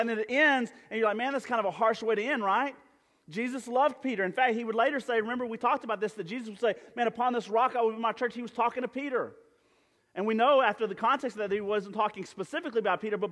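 High-voiced pastor in a reverberant church. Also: male voice, fast talker, fairly bright tone. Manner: conversational preaching with many fillers and restarts. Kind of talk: sermon. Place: church sanctuary. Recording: church hall with long reverb.

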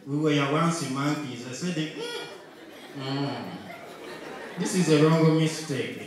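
Ugandan male stand-up, lightly raised pitch, mock-serious storyteller, live hall echo. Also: noisy background. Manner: punchy, mock-serious storytelling, switching into Luganda, rising to shouted punchlines. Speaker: stand-up comedian. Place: large comedy venue with live audience. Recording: echoey live hall from far off, loud crowd.

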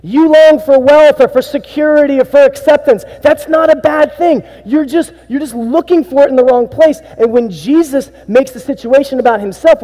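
A man preaching a sermon as pastor, swinging between hushed, intimate lines and emphatic bursts. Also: very high-pitched. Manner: animated preaching, drops to hushed tones and rises to emphatic bursts. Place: church sanctuary. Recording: sanctuary with long reverb.

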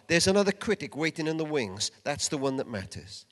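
Older male preacher, animated sweeping delivery, emphatic, long hall echo. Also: normal speed, hardly any pauses. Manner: emphatic, swings from loud urging to hushed low asides. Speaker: conference speaker. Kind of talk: sermon. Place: large event hall. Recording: long reverb of a large hall.

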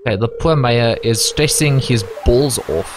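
A man's voice: medium pitch, moderate pace, background noise. A man hosting a casual co-op video game session, making wry, joking remarks. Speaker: let's-play host. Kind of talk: casual gaming chat. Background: game music.

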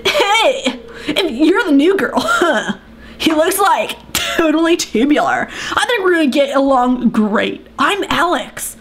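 A woman's voice: high voice, big pitch swings, slow, fairly bright tone, heavily acted. A woman voicing a friendly, cocky young man from a farming game, breezy and slangy.

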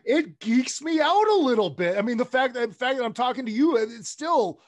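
An excitable man hosting a podcast, his voice pitched high for a man and recorded close and dry. He swears freely, laughs a lot and rattles through sponsor reads in a loose, casual way. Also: a little fast, no echo. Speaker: podcast host.

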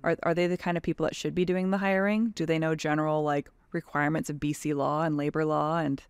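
A Canadian tradeswoman in her thirties, also an advocacy leader, joins a podcast as a guest, frank, animated and heavy on "like." She speaks quickly in a low, level, clear and resonant voice, recorded with no room sound.

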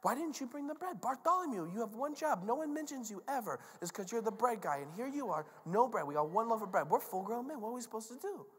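A man voicing a group of grown men who bicker and complain in a high, whiny voice. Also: very animated, quick pace, hardly any pauses, slight background noise. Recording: long reverb of a large hall.

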